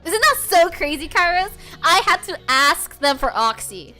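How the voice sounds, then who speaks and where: A young woman streaming from home, chatting casually with her viewers, bubbly and swinging between soft murmurs and loud excited bursts. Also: extremely high pitch, moderate pace, faint music behind.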